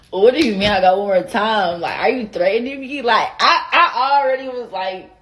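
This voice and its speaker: A woman's voice: a little high, moderate pace, fairly bright tone. A young woman with an Atlanta Southern accent telling a casual, profane storytime rant, acting out the other people's lines in quoted voices. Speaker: vlogger.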